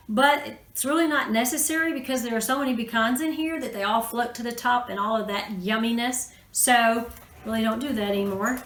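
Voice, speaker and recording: A woman's voice: fairly high pitch, a bit bright. A woman hosting a casual cooking tutorial in her home kitchen, in a chatty, homey way with folksy phrasing. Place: home kitchen, food sizzling. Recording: echoey kitchen with cooking noise.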